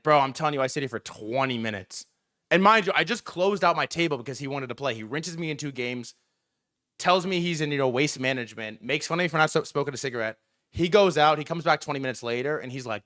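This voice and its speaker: A man's voice: a little high, animated, fast talker, pushed and bright, no room sound, clean studio sound. A young man hosting a livestream, casually telling a rambling story with lots of fillers and repeats, his voice jumping up when he quotes himself. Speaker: livestream host.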